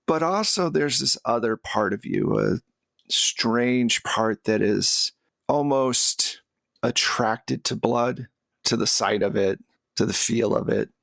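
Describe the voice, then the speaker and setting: A man running a tabletop game, narrating in a measured second-person style. He talks slowly with a creaky, gravelly texture. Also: mid-range voice, a bit bright, dry recording. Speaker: game master.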